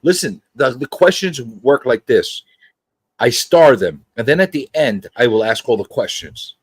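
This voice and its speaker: A man's voice: medium pitch, lively intonation, unhurried, slightly rough, no room sound. A man hosting a casual live-stream chat, joking and teasing his co-host and the chat. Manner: joking, teasing, jumps into silly voices. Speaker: podcast host.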